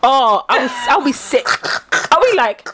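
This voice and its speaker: A woman's voice: sits high, lively intonation, normal speed, fairly bright tone. A woman co-hosting a casual podcast chat, reacting with dramatic, exaggerated outbursts. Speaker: podcast co-host.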